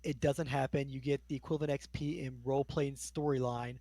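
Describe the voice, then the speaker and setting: A man's voice: medium pitch, steady tone, fairly quick, dark tone, dry recording. A man acting as game master, narrating scenes in a casual tabletop role-playing session. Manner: casual, describing scenes at length.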